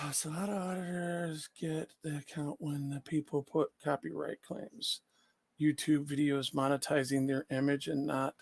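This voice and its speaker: A man's voice: medium pitch, gravelly, no echo. A man livestreaming and talking straight back to his chat, blunt and confrontational, swearing freely.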